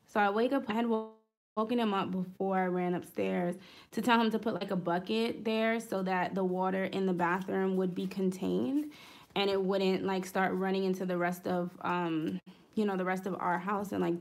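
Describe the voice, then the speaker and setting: A woman's voice: mid-range voice, fairly even intonation, moderate pace, creaky, darkish tone. A woman vlogger chatting casually as she decorates a planner, rambling through a story with fillers and small asides. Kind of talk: casual storytelling while crafting.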